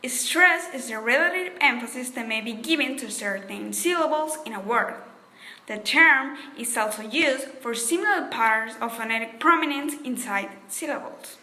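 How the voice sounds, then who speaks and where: A woman narrating definitions in a class presentation, reading in a measured, deliberate way. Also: fairly high pitch, animated, bright, forceful tone, roomy sound. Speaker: student presenter.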